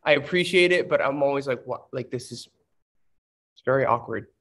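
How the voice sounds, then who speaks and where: A man's voice: medium pitch, brisk, fairly bright tone. A man in his thirties chatting casually on a livestream, telling stories and answering fan questions with lots of fillers. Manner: chatty storytelling, many fillers.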